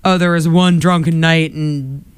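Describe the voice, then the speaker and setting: A male radio host talks casually from the studio, leaning on "like" and laughing easily. His voice comes across smooth and resonant, and the sound is dry and close. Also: on the high side, fairly even intonation, measured pace, dry recording. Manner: chatty, lots of "like" fillers, laughs easily.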